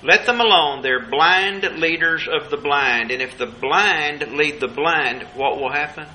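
A man's voice: a little high, measured pace, pushed and bright, slight background noise, low-quality recording. A man preaching a Bible study sermon, emphatic and repeating his key phrases for weight.

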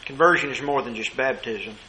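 A man preaching a sermon, asking rhetorical questions and slowing down to stress key words. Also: mid-range voice, bright, forceful tone, low-quality recording.

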